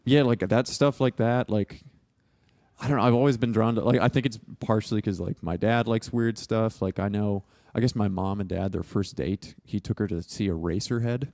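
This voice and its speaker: A man's voice: on the low side, normal speed, a little mellow. A young man talking casually as a podcast guest, rambling and filling his speech with "like", laughing often. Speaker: podcast guest, film student. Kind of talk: casual interview chat.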